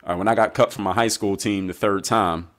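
Brief: male guest with a very low voice, a measured and reflective storyteller in an interview. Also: fairly even intonation, a bit bright. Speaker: guest, basketball coach.

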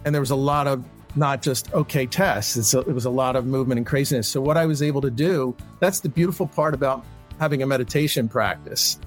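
A man in a played clip, calmly telling a personal account in a conversational way. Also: medium pitch, fast, soft background music. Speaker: interviewee clip.

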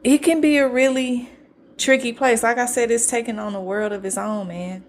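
A woman hosting a podcast solo, talking in a relaxed, slangy way with a flat, monotone delivery and casual swearing. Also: fairly high pitch, moderate pace. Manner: self-described monotone delivery. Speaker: podcast host.

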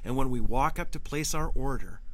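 Animated Canadian man telling a story. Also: medium pitch, normal speed, rough recording. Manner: animated, laughs often, acts out quoted voices. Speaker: podcast host. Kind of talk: casual storytelling monologue. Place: lakeside cottage.

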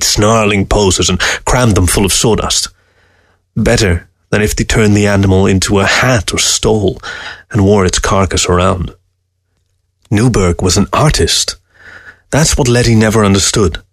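Low-voiced male audiobook narrator, calm and steady, dry close mic. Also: dry recording. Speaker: story reader.

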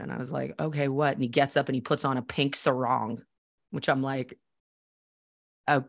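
A woman's voice: rumbling low, little pitch movement, fairly quick, gravelly, pauses often, no room sound. A woman from Boston, a podcast host, telling a personal story in a candid, chatty way and acting out the dialogue.

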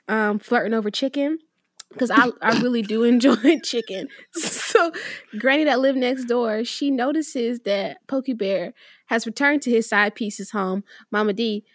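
A woman's voice: on the high side, no echo. A woman co-hosting a podcast, chatting about a movie with dry, wry remarks. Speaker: podcast co-host. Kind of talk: casual chat.

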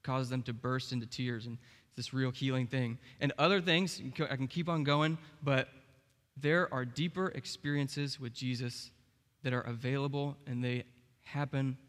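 A man's voice: medium pitch, a bit bright. A young man preaching a sermon as pastor, in a casual, conversational way with frequent "like" and "okay". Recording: long reverb of a large hall.

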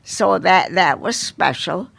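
An older woman, a restaurant owner, talking as an interview guest and recalling the past in an unhurried way, often restarting her sentences. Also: on the low side, lively intonation, creaky, fairly bright tone, a little hiss or hum. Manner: unhurried storytelling with frequent restarts. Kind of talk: casual interview reminiscence.

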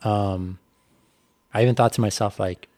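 A man's voice: fairly low pitch, fairly even intonation, normal speed, warm tone, no room sound. A man, a bike racer, telling a personal story on a podcast in a candid, reflective way with lots of fillers. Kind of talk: casual podcast conversation.

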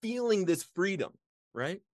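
A man's voice: high-pitched, a little slow, dry recording, clean studio sound. A man as an interview guest, sharing a personal story earnestly and emotionally, breaking into laughs now and then. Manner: earnest, laughs often, animated when reliving moments.

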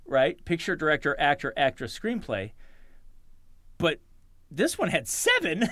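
A man co-hosting a casual podcast, telling stories in an animated way and laughing often. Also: fairly high pitch, a little slow, dry recording, clean studio sound. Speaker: podcast co-host. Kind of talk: casual chat.

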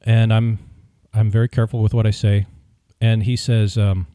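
A man hosts a podcast and tells a story in an opinionated, wry, animated way. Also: on the low side, normal speed, few pauses, dry recording, studio quality. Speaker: podcast host. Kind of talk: casual storytelling.

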